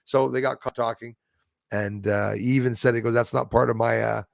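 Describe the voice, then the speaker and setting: A man chats casually on a livestream, reading viewers' comments and wandering off into indignant asides. His voice is gravelly and sits in a middling pitch. The sound is dry and close, with no room echo. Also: steady tone, fairly quick. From Canada. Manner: rambling, indignant, reads viewer comments aloud. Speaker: livestream host reading chat. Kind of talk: casual chat.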